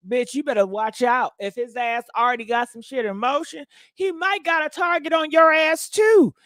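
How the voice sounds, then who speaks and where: A woman with a high, bright voice hosts a casual gossip commentary. She talks in a blunt, sassy way and swears freely. The sound is dry and close to the mic. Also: fairly even intonation, normal speed, few pauses, dry recording. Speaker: host.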